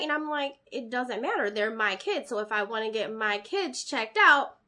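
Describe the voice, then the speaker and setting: A young woman tells a story in a relaxed group chat, lively and animated, slipping into the voices of the people she describes. Her voice is bright and sits a little high. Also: moderate pace.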